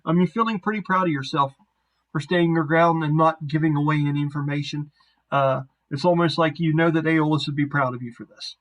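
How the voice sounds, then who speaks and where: Self-deprecating game master, male, slightly higher pitch, online session. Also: fairly quick, poor audio. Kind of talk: narrating a tabletop game over a voice call.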